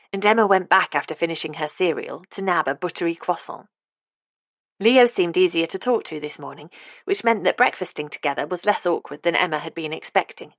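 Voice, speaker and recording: A woman narrating an audiobook in a steady, even manner. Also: low-pitched, dry recording. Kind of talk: scripted narration.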